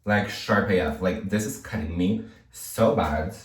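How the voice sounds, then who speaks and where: A man's voice: low voice, measured pace, roomy sound, distant mic. A man talking casually to his viewers as a makeup vlogger, chatty, playful and self-mocking, with the odd swear. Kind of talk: casual chat to camera.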